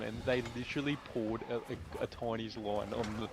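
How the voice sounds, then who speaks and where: A man's voice: fairly low pitch, steady tone, normal speed. A young Australian man streaming, telling a long slangy story with lots of swearing. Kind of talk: casual chat while gaming on stream. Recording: noisy background.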